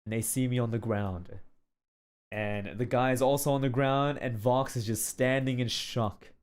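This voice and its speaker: A man streaming casually, telling a story with animated shouted sound effects and frequent filler check-ins. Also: medium pitch, normal speed, clear, resonant tone.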